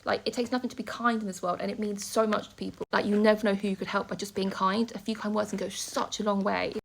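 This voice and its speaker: A woman talks straight to her phone camera from a hospital room, rambling candidly from one thought to the next. Her voice is heavily gravelly, full of vocal fry, and she speaks quickly. Faint room ambience sits behind her. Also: medium pitch, little pitch movement, a little hiss or hum, rough recording. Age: 30s. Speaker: vlogger. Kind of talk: casual vlog monologue.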